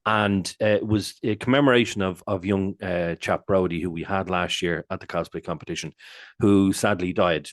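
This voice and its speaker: A man with an Irish accent, co-hosting a podcast and telling stories in casual chat, animated and swearing freely. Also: sits low, normal speed, dry recording, clean studio sound. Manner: animated, swears freely, jumps into loud quoted exclamations. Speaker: podcast co-host.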